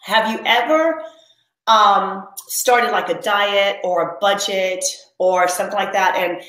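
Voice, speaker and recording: A woman's voice: mid-range voice, fairly bright tone, reverberant, low-quality recording. A woman hosting a live coaching session for mothers, reading out viewer comments and leading them through a spoken pledge. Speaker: mom coach hosting a live online workshop. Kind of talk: live-streamed motivational coaching.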